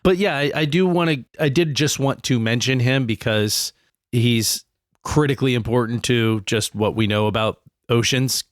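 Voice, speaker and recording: A young man co-hosting a comedy podcast, talking at a middling pitch with loose, meandering sentences. He stretches his words out and often breaks into laughs. The sound is close and completely dry. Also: no echo. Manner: rambling, drawn-out, laughs often. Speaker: podcast co-host. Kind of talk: casual comedy chat.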